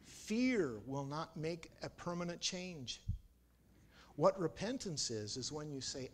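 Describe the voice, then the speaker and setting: A male preacher delivers a sermon in a higher-pitched, very lively voice, swinging freely between loud emphasis and quiet asides. A faint hiss of noise sits under the church recording. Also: a little slow. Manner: storytelling, dramatic swings in pitch and volume.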